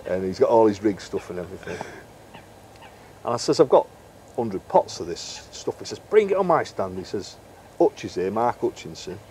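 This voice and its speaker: A middle-aged man spins a long, chatty anecdote, slipping into the voices of the people he quotes. His voice sits a little low. Faint background noise runs under the recording. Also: moderate pace, warm tone. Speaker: interview guest, carp angler and bait maker. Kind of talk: casual storytelling interview.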